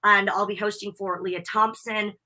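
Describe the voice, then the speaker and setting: An American woman guesting on a wrestling podcast, gushing through stories in an excited, chatty way over a video call. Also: medium pitch, normal speed. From United States. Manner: bubbly, gushing storyteller. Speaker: wrestling interviewer and convention host. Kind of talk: excited casual interview chat.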